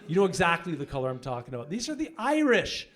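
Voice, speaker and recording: A young man doing a stand-up comedy set on a club stage, brash and profane, telling animated stories into a handheld mic. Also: on the high side, fast. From Canada.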